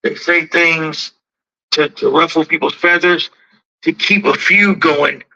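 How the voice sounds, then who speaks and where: A man with a high-pitched, gravelly voice talks in a loose, rambling way, repeating words as he restarts his thoughts. His tone is strikingly bright and cutting. The audio sounds muffled and lo-fi. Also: slow pace. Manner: repetitive, restarts, acts out quoted exchanges. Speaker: dog breeder. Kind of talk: casual talk. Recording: dull lo-fi audio.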